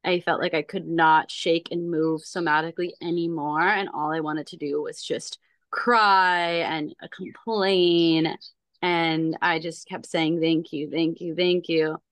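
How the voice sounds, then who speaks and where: A woman's voice: deep voice, fairly even intonation, a little slow, no echo. A woman in casual podcast chat, telling a personal story in an earnest, emphatic way.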